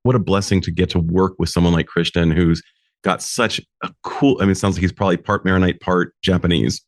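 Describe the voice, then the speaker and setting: A male podcast host responds to his guest with reflective, enthusiastic comments. His voice sits very low. The recording is close and dry. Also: little pitch movement, fairly quick, no room sound. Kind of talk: interview conversation.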